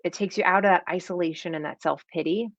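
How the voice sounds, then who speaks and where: A woman in her thirties coaching an online audience in a chatty, animated way, her voice sitting fairly low. The sound is dry and close, with a slightly dull, lo-fi edge from a home setup. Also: quick pace, dry recording. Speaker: performance coach.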